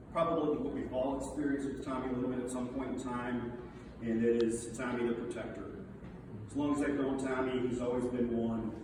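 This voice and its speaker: Man telling lively stories in an echoey hall. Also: medium pitch. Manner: animated storytelling, laughing through the punchlines. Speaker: friend giving a speech. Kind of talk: anecdotal speech to a gathering. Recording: echoey hall, distant mic, background noise.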